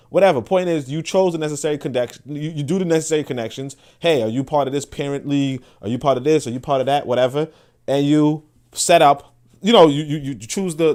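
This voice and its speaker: A man, hosting a podcast in a blunt, profane, casual monologue that often restarts and repeats words. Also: on the high side. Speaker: podcast host.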